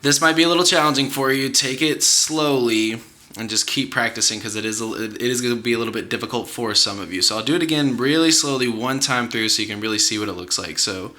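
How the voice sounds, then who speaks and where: A man's voice: medium pitch, quick pace, pushed and bright. Young man teaching guitar, counting beats. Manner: patient, encouraging, counts beats aloud. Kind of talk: guitar tutorial. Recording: guitar playing under the voice. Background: guitar playing.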